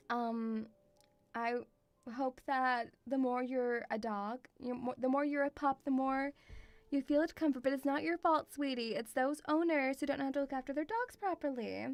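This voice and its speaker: A woman's voice: high-pitched, creaky. A woman streamer chatting casually and rambling, calling her viewers sweetie. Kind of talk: casual live-stream chat.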